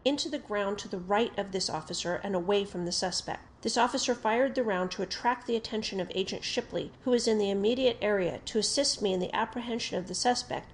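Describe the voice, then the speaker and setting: A woman reading an official police report aloud in a steady, formal narration. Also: mid-range voice, a little hiss or hum. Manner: steady, formal delivery that gets louder on quoted shouts.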